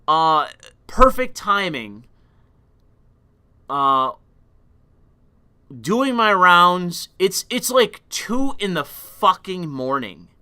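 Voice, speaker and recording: A young man casually telling a rambling, profane story on a stream, loud by his own account. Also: on the high side, clean tone.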